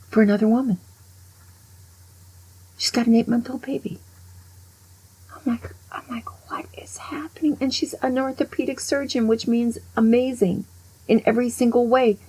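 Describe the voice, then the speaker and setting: A woman over sixty-five telling a story in an animated monologue, dropping to a hushed voice when she quotes someone. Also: fairly high pitch, creaky, breathy edge, poor audio. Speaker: vlogger.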